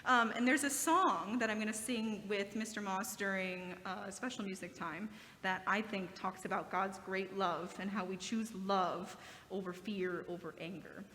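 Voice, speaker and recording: A woman's voice: mid-range voice, fairly even intonation, measured pace, bright, forceful tone, slight background noise. A woman leading a children's sermon in a church, reading scripture and asking the children questions on a handheld microphone. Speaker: children's time leader. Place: church sanctuary. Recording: echoey hall.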